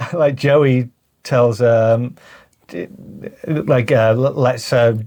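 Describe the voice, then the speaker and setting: A man co-hosting a casual chat, hesitant and full of fillers, with bursts of shouting and laughter. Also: mid-range voice, fairly even intonation, extremely slow. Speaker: co-host.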